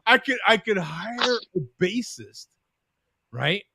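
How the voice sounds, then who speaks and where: A man's voice: high-pitched, very animated, slow, sharp tone, slight background noise. A man hosting a casual live-stream chat over a video call, joking and teasing. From Southern California. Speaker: show host.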